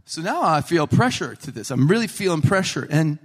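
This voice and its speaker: A man's voice: on the high side, a little fast. A man preaching a sermon in a humorous storytelling way, acting out the people he quotes. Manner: animated, jokey, acts out quotes.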